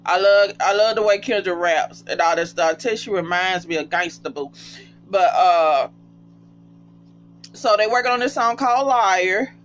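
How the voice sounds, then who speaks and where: A casual reality TV recapper talking straight to viewers, often breaking into high, cracking laughter. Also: moderate pace, fairly bright tone. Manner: chatty, addresses viewers as y'all. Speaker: TV show recapper. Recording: dull lo-fi sound with faint hum.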